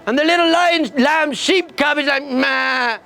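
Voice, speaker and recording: A man, a rabbi, giving an energetic pep talk to yeshiva students, telling a story and acting out bleating sheep and a roaring lion, with emphatic, repeated punchy lines. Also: very high-pitched, normal speed.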